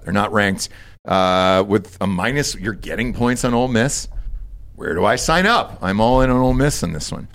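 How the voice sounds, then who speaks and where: A man's voice: lowish voice, vocal fry, a bit bright. A young man hosting a casual sports betting podcast, talking loosely, joking and swearing often. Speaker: podcast host.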